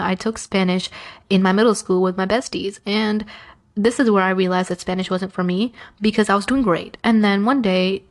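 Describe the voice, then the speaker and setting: A young woman hosting a podcast, chatting casually and acting out the people in her stories. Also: medium pitch. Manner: chatty, animated retelling with acted-out quotes. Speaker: podcast host. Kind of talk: casual storytelling.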